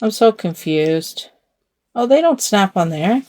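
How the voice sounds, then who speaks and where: A woman's voice: mid-range voice, expressive, slow, warm tone. Rambling, chuckling older woman. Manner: rambling, self-mocking, chuckling often. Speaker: doll channel host. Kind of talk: casual chat while dressing a doll.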